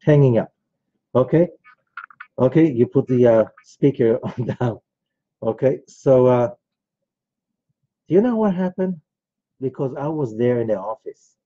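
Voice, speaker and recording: Husky-voiced man giving a rambling lecture. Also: mid-range voice, lively intonation, a little slow, pauses often, dry recording. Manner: conversational, rambling, with frequent asides. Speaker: rabbi teaching Kabbalah. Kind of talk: informal lecture with storytelling. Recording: dull, lo-fi recording.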